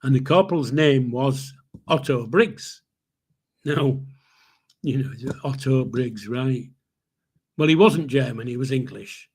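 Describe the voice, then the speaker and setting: Older male podcast host with a husky voice, rambling storyteller. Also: mid-range voice, slow pace, pauses often, darkish tone. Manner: rambling, with restarts and chuckles. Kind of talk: casual storytelling.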